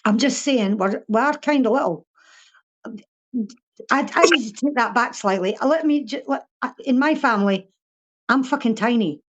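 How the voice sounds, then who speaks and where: A woman's voice: on the high side, normal speed, highs cut off. An older woman with a Fife Scottish accent, a guest chatting bluntly in an interview, swearing freely and laughing often. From Scotland (Fife). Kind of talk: casual interview chat.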